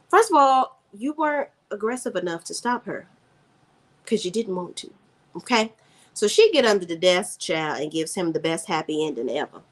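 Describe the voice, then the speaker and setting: A woman's voice: mid-range voice, moderate pace. Sassy woman recapping a TV episode. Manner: sassy, animated, drops in quoted dialogue. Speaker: TV show reviewer. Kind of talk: casual recap and commentary.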